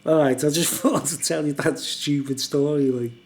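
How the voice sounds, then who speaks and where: A man's voice: fairly high pitch, steady tone, normal speed. Giggly, rambling storyteller man. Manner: laughs often, rambling, asks "you know what I mean". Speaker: vlogger. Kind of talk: casual storytelling.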